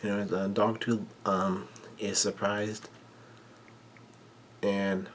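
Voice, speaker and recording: A man casually recapping a manga chapter in halting, run-on sentences full of "and" and "uh" fillers. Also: lowish voice, little pitch movement, slight background noise.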